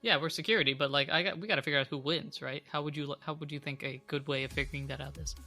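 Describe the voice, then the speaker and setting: A man's voice: on the high side, fairly even intonation, fast, sharp tone, faint music behind. A man running a tabletop game as game master, talking casually with fillers. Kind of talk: tabletop game narration and podcast outro.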